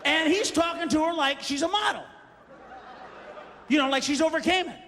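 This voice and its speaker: Male stand-up comic, very high piercing voice, sharp tense tone, explosive shouted rants, live hall reverb with crowd. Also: normal speed. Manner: screaming rants that erupt from wry asides. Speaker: stand-up comedian. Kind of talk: stand-up comedy. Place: live comedy stage. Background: audience noise and laughter.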